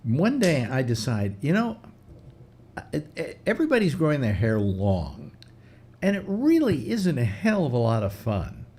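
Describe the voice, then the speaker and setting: An older man hosting a casual chat show, telling stories in a chatty, animated way. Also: medium pitch, unhurried, slightly rough. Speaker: host.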